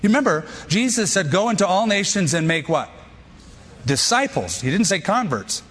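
A pastor delivering a sermon in short, emphatic, punchy lines. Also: male voice, high voice, sing-song, normal speed, a bit bright, husky, in a large hall.

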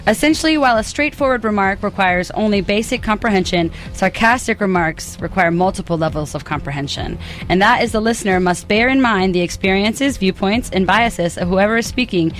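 A woman reading news items on a morning radio show and chatting with the hosts. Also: medium pitch. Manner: reads news items briskly, then chats with laughs.

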